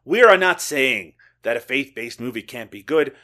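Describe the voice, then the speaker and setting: A man's voice: medium pitch, animated, normal speed, pushed and bright. A man hosting a comedy film podcast, joking and laughing often as he chats and reads plot summaries. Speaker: podcast host. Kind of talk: casual podcast chat.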